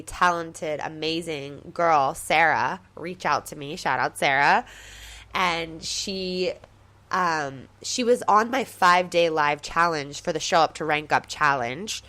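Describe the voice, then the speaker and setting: Bubbly low-voiced woman podcaster. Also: fairly bright tone. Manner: bubbly and gushing, many fillers like "like" and "so cool"; motivational, upbeat coaching tone. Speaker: podcast host and life coach. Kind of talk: casual podcast monologue.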